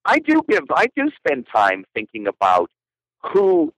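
Guest man from Canada, animated storyteller, dry close mic, lots of pitch movement. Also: a little slow, no echo, poor audio. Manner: animated, playful, frequent laughter. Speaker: guest photographer. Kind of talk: storytelling podcast interview.

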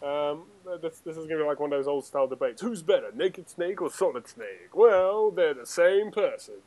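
Male podcast host, slightly higher voice, lively and teasing, steers the chat. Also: normal speed. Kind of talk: casual gaming podcast chat.

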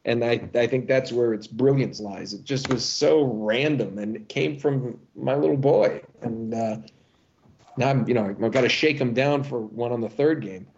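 Medium-pitched and creaky, a middle-aged man speaks at normal speed as a voice actor guest in an interview, telling lively stories with frequent restarts. The highs are cut off and there's slight background noise.

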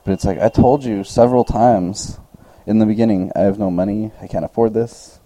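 A man's voice: lowish voice, fairly quick, a little hiss or hum, rough recording. A young man chatting casually as a podcast co-host, rambling through a story and acting out the people in it. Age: young adult. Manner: rambling, animated retelling with quoted voices.

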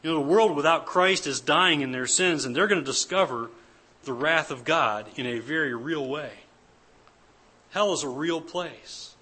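A man's voice: fairly high pitch, moderate pace, sharp tone, husky. A man preaching an earnest, emphatic church sermon as pastor, repeating his key points. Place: church service.

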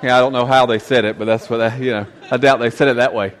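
A man's voice: medium pitch, animated, a little fast, few pauses. A man preaching a youth sermon, conversational and emphatic with folksy asides.

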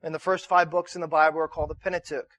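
Rapid-fire and flat in delivery, this pastor's high, slightly bright voice comes through a dry recording. He preaches conversationally, prompting call-and-response from the congregation and restarting sentences with repeated words.

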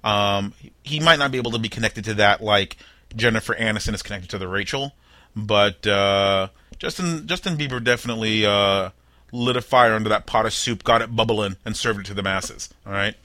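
A man's voice: lowish voice, a little fast, bright, forceful tone, no echo. A young man hosting a comedy news roundup, reading headlines with wry, jokey asides and putting on mock-dramatic voices for the people in the stories. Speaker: podcast host.

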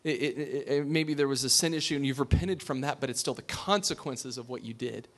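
A pastor giving a sermon. He talks in a conversational way, asks his listeners questions and drops to a hush for emphasis. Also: medium pitch, a little fast.

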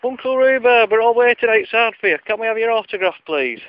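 A man voicing an eager young boy who shouts and pleads, on a lo-fi recording. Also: very high-pitched, expressive, takes it slowly, dry recording, pitched above the performer's own voice, heavily acted. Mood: pleading.

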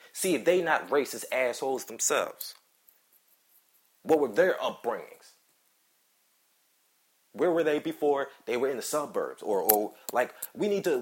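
Angry man ranting on his podcast. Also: medium pitch. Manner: heated, profane, repetitive ranting. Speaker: podcast host. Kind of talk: angry solo commentary.

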